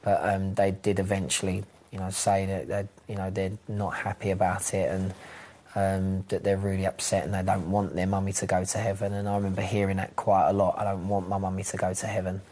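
A man in a documentary interview, speaking reflectively and haltingly with frequent pauses and restarts. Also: sits low, monotone, darkish tone.

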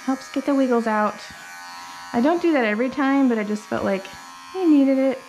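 A woman's voice: sits high, moderate pace. A young woman grooming a dog, casually explaining her steps and cooing at the dog in between. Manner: chatty, talks baby-talk to the dog between explanations. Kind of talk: casual vlog narration while grooming. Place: grooming room with dryer and clippers running. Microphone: camera mic set up in the room. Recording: clipper and dryer noise behind the voice. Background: hair dryer and electric clippers.

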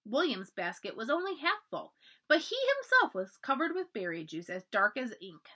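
A woman librarian reading a children's chapter book aloud, expressive and storyteller-like. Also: fairly high pitch, normal speed. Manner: expressive storyteller, lively voices for dialogue.

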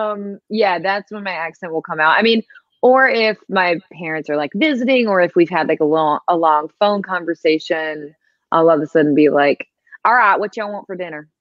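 Young woman from Georgia, lowish voice, chatty podcast guest, giggly and loose, dry slightly muffled recording. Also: normal speed, no room sound. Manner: chatty, laughs often, lots of "like" fillers. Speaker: guest musician. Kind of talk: casual podcast interview.

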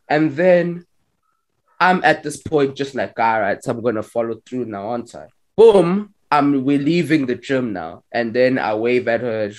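A young man telling a story on a podcast, acting out the lines he quotes. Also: medium pitch. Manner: animated, acts out quoted lines. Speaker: podcast co-host. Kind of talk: casual storytelling among friends.

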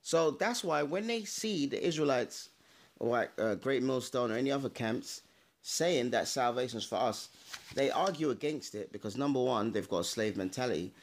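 A man with a gravelly, creaky voice leads a casual Bible study to camera. He talks in an emphatic, direct way and checks his sources as he goes. His pitch sits in a middle range. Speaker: Bible teacher. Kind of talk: informal video Bible teaching. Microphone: camera mic, adjusting camera while talking.

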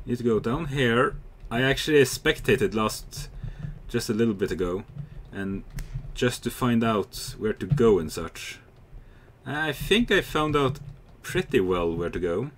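A young man giving casual, chatty commentary while playing a game, excitable and swearing freely. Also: medium pitch, unhurried, slight background noise. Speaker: gamer.

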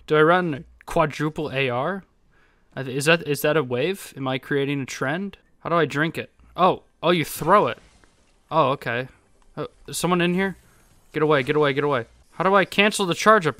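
A young man giving casual, excitable gameplay commentary, swearing and jumping into high yelps. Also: no echo. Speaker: gaming YouTuber.

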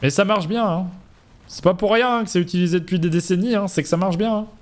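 A man casually commenting on his gameplay for a live stream, tossing out quick, wry asides. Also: sits high. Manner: quick, wry asides full of filler "hein".

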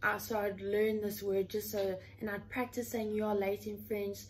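A woman's voice: mid-range voice, flat delivery, normal speed, poor audio. A woman in her twenties talking in a casual, heartfelt way from her room at home, earnest and chatty, often leaning on the word "literally.". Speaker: vlogger.

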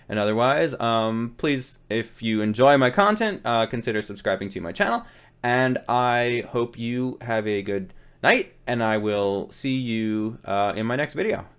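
A man's voice: medium pitch, clear, resonant tone. A man, a rock guitarist, talking casually as he reacts to a cover, rambling with many restarts and fillers.

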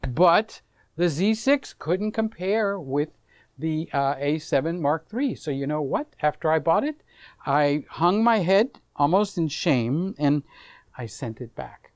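Middle-aged guy vlogging from his home studio, smooth clear voice, dry close sound, chatty and animated. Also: fairly high pitch, a little slow, dry recording. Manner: animated, acts out conversations, chuckles often. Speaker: camera reviewer, vlog host. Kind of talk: casual storytelling to camera.

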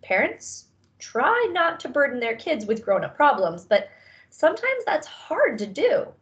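A woman voicing a gentle, earnest father who speaks softly, in a storybook reading. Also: high voice, huge pitch swings, unhurried, lo-fi sound, pitched above the performer's own voice, heavily acted. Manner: soft-spoken, earnest.

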